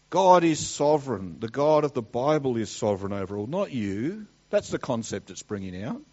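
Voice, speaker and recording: A man preaching a sermon, swinging between loud emphatic declarations and quiet asides. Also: mid-range voice, very animated, normal speed, hardly any pauses, dull audio.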